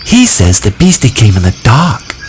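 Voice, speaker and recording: A man's voice: medium pitch, huge pitch swings, normal speed, a little mellow, a little hiss or hum, voice pushed up. A man voicing an anxious, earnest boy who insistently relays a frightened child's words in a storybook reading.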